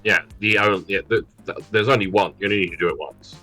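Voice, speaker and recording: A man's voice: lowish voice, steady tone, sharp tone, faint music behind. A man co-hosting a casual let's play, joking playfully with his friend. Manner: playful, joking, quick to laugh. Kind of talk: casual gaming commentary.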